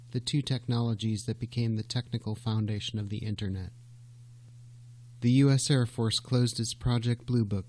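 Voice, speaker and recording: A man narrating a documentary in a measured, scripted delivery. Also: mid-range voice. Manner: measured, even, reading.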